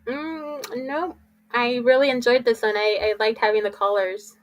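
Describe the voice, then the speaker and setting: This is a woman co-hosting a podcast, speaking in easy conversational chat. She laughs often and is quick to giggle. Her voice sits a bit higher than average. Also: steady tone. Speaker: podcast co-host. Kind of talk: casual chat.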